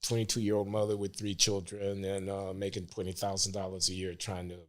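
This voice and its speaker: An older man speaking as a guest on a casual podcast, measured and deliberate with frequent hesitations. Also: sits low, completely flat delivery.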